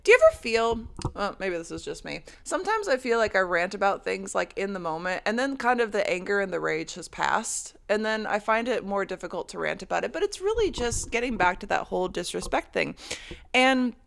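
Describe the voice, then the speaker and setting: Woman podcaster rambling and swearing, kinda gravelly, casual monologue. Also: mid-range voice, sing-song, brisk, fairly bright tone. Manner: rambling and profane, with frequent laughs. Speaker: podcast host.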